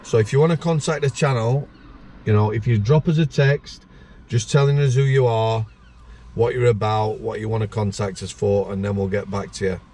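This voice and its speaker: A man's voice: lowish voice, fairly even intonation, moderate pace, warm tone. A man, hosting a casual chat show and telling blunt stories from his years as a prison officer, swearing freely. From England. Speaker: podcast host, former prison officer.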